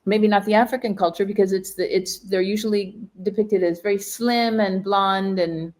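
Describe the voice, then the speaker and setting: A woman's voice: medium pitch, steady tone, moderate pace, a little mellow. A woman co-hosting a podcast in casual conversation, enthusiastic and prone to speculative tangents. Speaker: podcast co-host.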